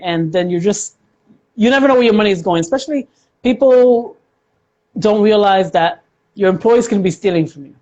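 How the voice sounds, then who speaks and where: A woman's voice: mid-range voice, a little mellow, dull audio. A woman guest, an accountant, explaining money matters in a chatty way with examples and frequent fillers. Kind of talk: casual interview chat.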